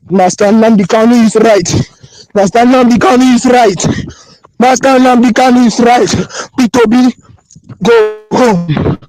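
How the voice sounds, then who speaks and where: A man with a Nigerian accent sends an impassioned phone voice note, pleading and repeating himself emotionally. His voice is very high-pitched with a darkish tone, and the audio is poor but has no echo.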